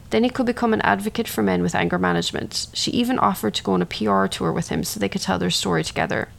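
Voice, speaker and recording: Woman narrating a true story, gravelly fry. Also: mid-range voice. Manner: matter-of-fact retelling with personal asides. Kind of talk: recounting a true story with commentary.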